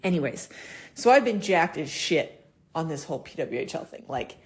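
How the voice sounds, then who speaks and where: A woman in her thirties talks through a casual solo podcast episode with an animated, unfiltered delivery, swearing freely and acting out the people she quotes. Her voice sits a little low for a woman. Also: normal speed. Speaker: podcast host.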